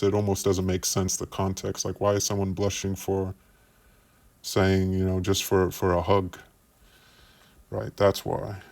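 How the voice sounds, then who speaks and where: A man narrates an investigative commentary, going through screenshots one at a time and stumbling over repeated words as he builds his case. His voice sits low and stays fairly flat, with a gravelly, fried edge to it. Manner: measured, explains by walking through screenshots. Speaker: commentary youtuber.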